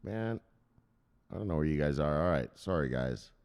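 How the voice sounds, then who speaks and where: His voice rumbles low with a clean tone at a moderate pace as he hosts a crypto news livestream. He keeps things animated and casual, cracking jokes, swearing freely, and greeting viewers in chat by name.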